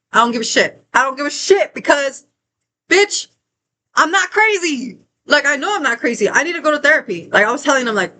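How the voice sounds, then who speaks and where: A young woman vlogger tells a story in a heated, profane rant and circles back over the same phrases as she works herself up. Her voice sits a little high and rings bright and sharp. There is a faint hum of room ambience behind her. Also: lively intonation, a little fast, low-quality recording. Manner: heated, profane, repetitive ranting.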